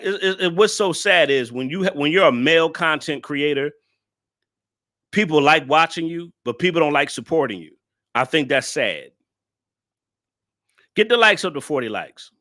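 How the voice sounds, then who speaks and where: Ranting bright-voiced male reaction host. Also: a little high. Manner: blunt, ranting, profane, scolding viewers. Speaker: male content creator reacting to a video. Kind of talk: casual reaction commentary.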